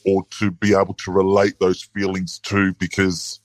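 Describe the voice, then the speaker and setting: Low-voiced Australian man in his forties. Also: completely flat delivery, no echo. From Sydney, Australia. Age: 40s. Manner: hesitant, halting, with repeated starts. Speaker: podcast guest. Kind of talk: casual interview chat.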